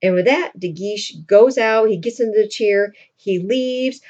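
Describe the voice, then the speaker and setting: A woman teacher retelling a reading assignment in a relaxed, chatty way, peppered with fillers. Her voice sits at an average pitch for a woman. The recording is dull and lo-fi. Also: measured pace. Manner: chatty storytelling with many fillers. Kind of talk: casual lesson recap.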